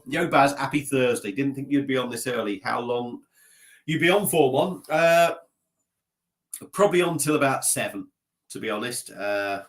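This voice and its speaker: A man's voice: mid-range voice, a bit bright. A man with a slightly stuffy nose chatting casually at his desk on a live stream, rambling and making fun of himself. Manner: rambling, self-mocking, chatty, reading out comments. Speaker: beer vlogger live-streaming. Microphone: laptop mic.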